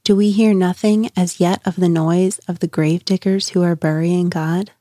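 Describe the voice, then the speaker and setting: A woman's voice: fairly low pitch, steady tone, moderate pace, dark tone, no room sound, studio quality, lightly acted. A woman reading the lines of an anguished man crying out to a crowd, in an impassioned, questioning manner. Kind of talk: dramatic reading.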